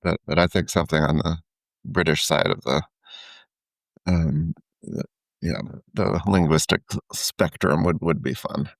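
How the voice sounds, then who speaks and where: A man's voice: rumbling low, measured pace, vocal fry, no room sound, studio quality. A man co-hosting a podcast in casual chat, speaking thoughtfully and hesitantly and often restarting his words. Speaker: podcast co-host.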